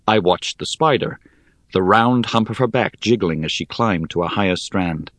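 A man narrating a fantasy novel in the first person, measured and expressive. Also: on the low side, no echo. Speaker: audiobook narrator.

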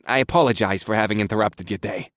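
A man's voice: on the low side, quick pace, a bit bright, no room sound, clean studio sound, close to an everyday voice. A man voicing a nervous, apologetic male health inspector who stammers when flustered.

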